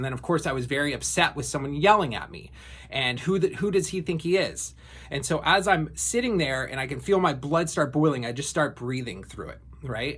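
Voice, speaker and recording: A man's voice: medium pitch, fairly bright tone. Reflective man telling a personal story. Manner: reflective, loose, many fillers and restarts. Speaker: vlogger.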